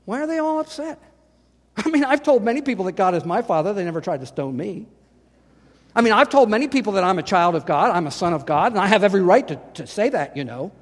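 High-voiced preacher in an echoing hall. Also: male voice, very animated, fast. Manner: dramatic, rising to loud emphatic quotes. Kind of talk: sermon. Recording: long hall reverb.

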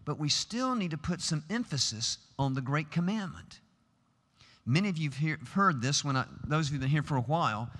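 A man's voice: a little high, pushed and bright. A middle-aged man preaching a sermon in a large chapel, earnest and emphatic, building to rhetorical questions. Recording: long hall reverb.

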